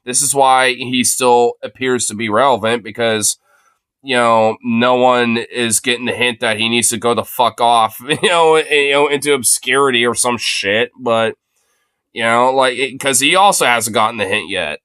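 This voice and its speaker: A man streaming casual commentary on political clips, excitable and crude, laughing often and breaking into shouts. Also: mid-range voice, moderate pace, clear, resonant tone, no echo. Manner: crude, swears constantly.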